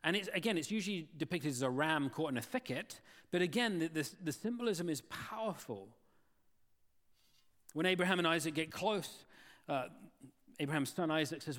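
A man's voice: fairly high pitch, animated, a little fast, a bit bright, big-room sound. A man preaching a sermon, earnest and full of rhetorical questions to his listeners. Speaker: pastor.

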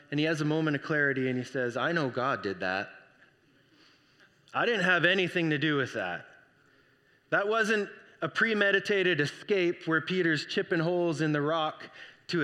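A man preaching a sermon, telling the story with lively energy and acting out the voices. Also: fairly high pitch, big-room sound. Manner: animated storytelling, acts out voices. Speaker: pastor.

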